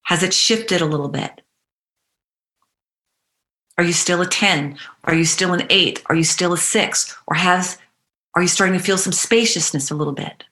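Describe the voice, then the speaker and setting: A woman guides a tapping meditation, calling out points with slow, soothing, repeated cues. Her voice sits slightly low for a woman, yet has a bright, forward edge. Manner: playful bursts of animal noises and laughter. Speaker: EFT tapping coach.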